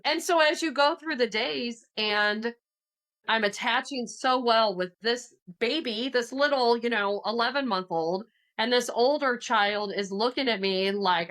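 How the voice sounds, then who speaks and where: A woman who is a counselor and author, a podcast guest telling a personal story with lively quoted voices. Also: fairly high pitch, a little slow. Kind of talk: casual podcast conversation.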